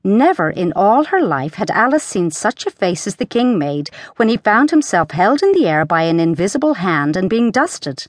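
A woman narrating a children's storybook audiobook in a lively, expressive reading. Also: mid-range voice, moderate pace, hardly any pauses, no room sound, studio quality.

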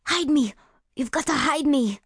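A woman's voice: high-pitched, lively intonation, a little slow, no room sound, studio quality, pitched above the performer's own voice. A woman voicing a terrified teenage girl who whimpers and panics, trembling as she talks. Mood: panicked.

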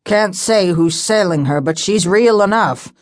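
A woman voicing an old, superstitious male harbor pilot who talks gruffly and mutters. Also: medium pitch, unhurried, no room sound, clean studio sound, natural voice.

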